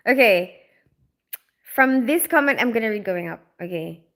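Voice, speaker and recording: A woman's voice: on the high side, expressive, normal speed, a bit bright. A woman, hosting a casual livestream and reading viewers' comments aloud, chatty and rambling with frequent laughs. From Philippines. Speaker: livestream host.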